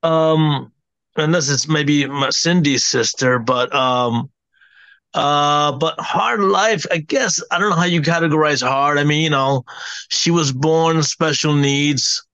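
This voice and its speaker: A man's voice: fairly high pitch, slow, a bit bright, clear, resonant tone. A man taking part in a reading answers in short, agreeable replies. His audio sounds a little dull and lo-fi, with no room echo. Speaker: sitter receiving a reading.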